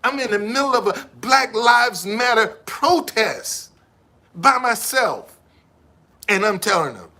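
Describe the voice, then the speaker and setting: A man's voice: high-pitched, big pitch swings, takes it slowly, pushed and bright. A man in his seventies with a missing tooth, ranting emphatically and swearing often on a live stream. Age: 70s. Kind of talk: profane motivational rant.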